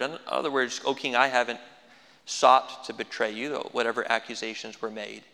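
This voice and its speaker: A man's voice: mid-range voice, steady tone, moderate pace, gravelly, bright, forceful tone, in a large hall. A man preaching a sermon as pastor, folksy with dry humorous asides.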